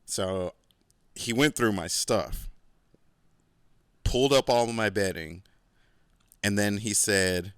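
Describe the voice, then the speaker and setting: In clean studio sound with no echo, a man with a lowish, fairly bright, smooth voice speaks slowly and pauses often. He's hosting his podcast, rambling through a long story with plenty of cursing, constant "like" fillers, and laid-back bragging.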